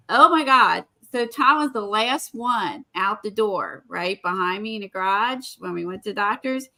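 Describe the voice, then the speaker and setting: A woman's voice: medium pitch, pushed and bright. A woman, chatting casually as an art vlogger and telling a story with lots of fillers. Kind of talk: casual chat.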